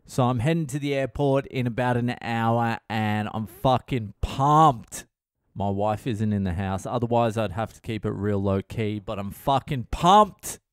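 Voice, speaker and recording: A man's voice: lowish voice, moderate pace, few pauses, clear, resonant tone, no room sound, studio quality. A middle-aged comedian hosting his own podcast, talking in a sweary, wry, rambling monologue. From Australia. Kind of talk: casual solo podcast monologue.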